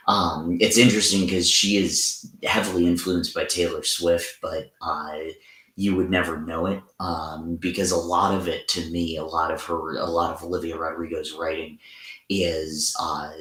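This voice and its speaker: Male livestream host, deep voice, roomy echoing sound, casual and halting delivery with lots of fillers. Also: fairly bright tone. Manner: hesitant, many fillers and restarts. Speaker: teacher and livestream host performing song covers. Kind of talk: casual livestream chat between songs. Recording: roomy echo with faint music.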